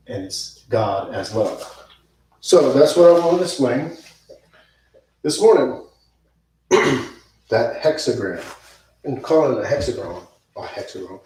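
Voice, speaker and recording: A man's voice: mid-range voice, darkish tone. A man teaching yoga, talking to the camera in an unscripted, rambling way, correcting himself as he goes and dropping in casual slang. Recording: very echoey room, voice from a distance.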